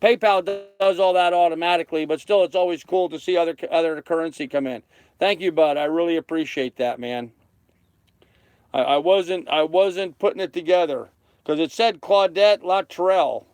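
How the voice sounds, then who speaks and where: With a slightly high, somewhat mellow, clean voice at a moderate pace, a man in his thirties chats on a livestream from the cockpit of his sailboat. He reads comments and thanks viewers by name, and the recording is dry.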